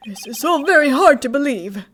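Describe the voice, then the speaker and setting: A woman's voice: high-pitched, animated, moderate pace, a bit bright, a little hiss or hum. A woman voicing a bewildered, kindly old male judge while reading a game's dialogue aloud. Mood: puzzled.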